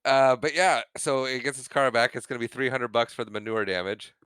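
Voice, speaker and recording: A man with a bright, crisp, smooth voice recaps a film on a podcast, laughing often and slipping into quick acted-out lines of dialogue. The recording is dry and close to the mic, with no room sound. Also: mid-range voice, no echo. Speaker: podcast co-host. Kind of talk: casual movie recap chat.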